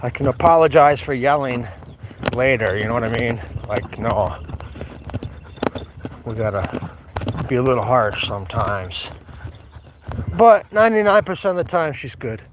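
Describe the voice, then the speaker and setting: A man's voice: mid-range voice, expressive, measured pace, pauses often, background noise. A man casually chatting on a livestream while walking his dogs outdoors, rambling and talking to the dogs. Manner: rambling, talks to his dogs, breaks into song. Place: outdoors on a trail.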